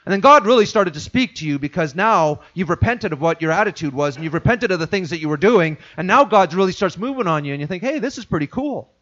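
A man preaches with a high voice that swings widely, climbing and falling through each phrase. He slips into hushed, muttered asides when he acts out a listener's private doubts. The sound is a little dull and lo-fi. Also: expressive, quick pace, few pauses. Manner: acts out congregants' inner voices in sudden hushed drops. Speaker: pastor. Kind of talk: sermon.

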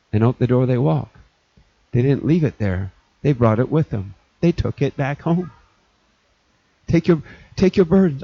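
A man's voice: mid-range voice, animated, measured pace, vocal fry, pauses often, warm tone, no echo. A middle-aged male pastor preaching a sermon, earnest and repetitive, circling back to restate his points. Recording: dull lo-fi recording.

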